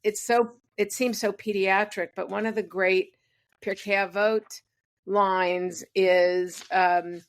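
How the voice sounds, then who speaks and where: A woman's voice: medium pitch, little pitch movement, slow. An older woman speaks as a guest in a conversational interview, with a voice in the middle of the usual range. She talks earnestly and thoughtfully and often stops to search for the right word.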